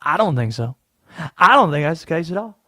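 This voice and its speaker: A radio host putting on an excitable male conspiracy theorist with a showy put-on Southern US accent. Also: fairly high pitch, a little fast, dry recording, studio quality, heavily acted. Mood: scheming. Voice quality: drawling, showy, rising and falling wildly. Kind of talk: comic put-on voice on sports talk radio.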